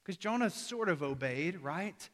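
Man preaching in a church, slightly high voice, casual storytelling, long echo of a big hall. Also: animated, unhurried, a bit bright. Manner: conversational preaching, acts out dialogues with his son. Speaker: young adult pastor. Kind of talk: sermon. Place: church auditorium. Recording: long reverb of a large hall.

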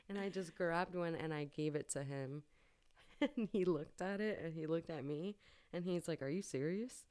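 A young woman with a low voice tells a personal story in casual chat, candid and swearing often. Her laughter comes easily. The sound is close and dry, with no room around it. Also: moderate pace, a little mellow, no echo.

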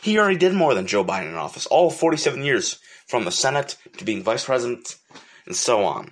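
A man's voice: mid-range voice, very animated, brisk. A male host chatting casually, rambling a bit and correcting himself as he goes. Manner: loose, rambling remarks with self-corrections. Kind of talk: casual chat.

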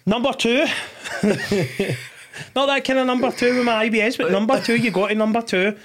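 A man with a high voice hosts a casual podcast chat. He talks in an animated way, swears freely and laughs often. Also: normal speed, slight background noise. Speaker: podcast host.

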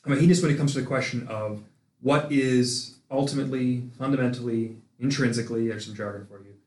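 A man's voice: medium pitch, fairly even intonation, fast, a little mellow, echoey room. A man, a philosophy teacher and podcast guest, explaining his views in a thoughtful, hesitant way with many fillers and restarts. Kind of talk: casual conversational explanation.

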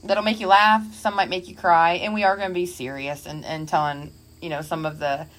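Woman, podcast co-host, chatty, laughing, rambling, lower-pitched. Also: steady tone, brisk, fairly bright tone. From Indiana. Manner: rambling, laughs often, restarts. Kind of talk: casual chat.

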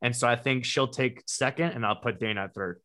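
A man with a bright, sharp-edged voice of middle pitch talks through his picks on a casual panel. He thinks out loud and hedges often. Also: brisk. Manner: thinking aloud with many "like"s and hedges. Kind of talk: casual chat.

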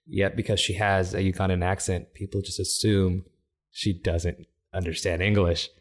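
A man from Africa, a stand-up comedian, talking casually as a guest, animated and laughing often, with many restarts. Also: low-pitched, moderate pace. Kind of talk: casual conversation.

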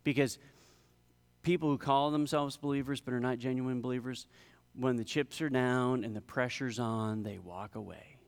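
A man preaching a sermon, building in intensity and slowing down to stress key words. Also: mid-range voice, steady tone, clear, resonant tone, long reverb tail. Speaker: pastor.

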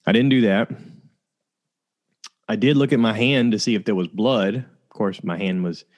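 Male podcast host, lower register, candid first-person storytelling, loose and conversational with fillers. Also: normal speed.

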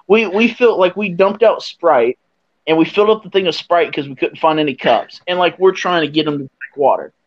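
Animated high-voiced young man telling stories. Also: brisk. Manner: animated, laughs through his story, acts out quotes. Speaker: podcast host. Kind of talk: casual storytelling. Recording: dull lo-fi sound.

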